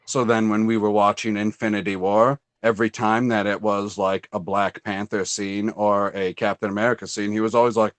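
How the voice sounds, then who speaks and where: A man's voice: fairly low pitch, moderate pace, hardly any pauses, no room sound. A man hosting a casual fan chat, telling stories with energy and acting out what others said. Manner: animated storyteller, acts out quotes in a raised voice. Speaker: host.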